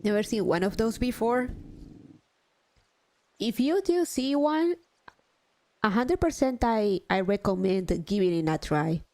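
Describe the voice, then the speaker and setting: A young woman chats casually on a live stream in an unhurried, drawn-out way. Her talk is loose and self-mocking, with a swear word here and there. Her voice sits at an ordinary middle pitch. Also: lively intonation, mellow. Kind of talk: casual chat while gaming.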